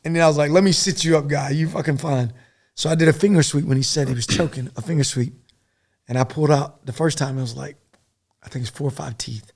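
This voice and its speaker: A middle-aged man, a podcast guest and former soldier, telling a war story in a profane, animated, rambling way. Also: a little high, fast talker, creaky, slightly rough.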